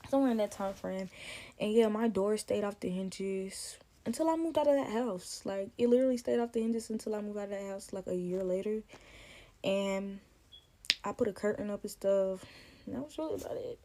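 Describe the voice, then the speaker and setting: A woman's voice: medium pitch, brisk, dark tone. A woman rambling through the end of a casual storytime, filling her sentences with like. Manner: rambling, trails off with like.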